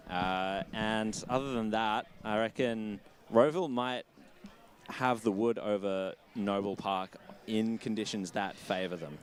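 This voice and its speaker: Male sideline reporter, low voice, considered delivery. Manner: measured, thoughtful with fillers. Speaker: boundary-line reporter.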